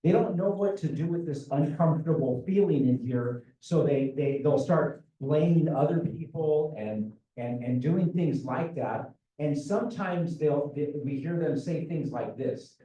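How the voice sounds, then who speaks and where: A man's voice: fairly high pitch, dark tone. Man speaking far off in an echoey room. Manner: earnest, repetitive, asks rhetorical questions. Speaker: school staff presenter. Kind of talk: talk to parents at a school meeting.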